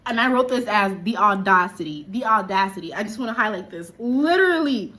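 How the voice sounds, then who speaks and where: A woman's voice: mid-range voice, expressive, brisk, sharp tone. A woman from Liberia chatting animatedly and exclaiming as she reviews a film. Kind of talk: casual movie review.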